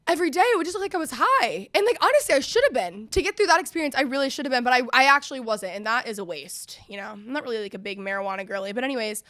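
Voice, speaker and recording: A woman's voice: a little high, pushed and bright, no echo, clean studio sound. A young woman hosting a solo podcast, chatty and self-mocking, often breaking into laughter. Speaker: podcast host.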